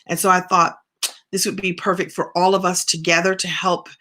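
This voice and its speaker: A woman's voice: fairly low pitch, flat delivery, moderate pace, sharp tone. A middle-aged woman coaching in a casual live stream, chatty and encouraging as she answers viewer comments. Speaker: business and writing coach.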